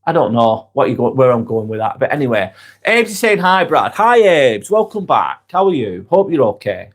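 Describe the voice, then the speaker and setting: A man's voice: mid-range voice, very animated, moderate pace. A man hosting a live stream, talking candidly and bluntly, swearing freely and reading out viewer comments as they come in. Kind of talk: casual live-stream chat.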